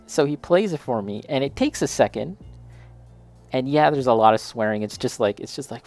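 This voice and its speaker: A man's voice: mid-range voice, moderate pace, a little mellow, faint music behind. A man chatting casually while building a model kit, talking straight to a friend and laughing often.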